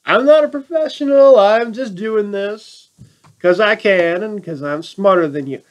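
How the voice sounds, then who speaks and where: A man's voice: sits high, unhurried, highs cut off. A man giving a casual, sarcastic film review rant and mocking the plot. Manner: sarcastic, acts out quotes in mocking voices. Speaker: movie reviewer.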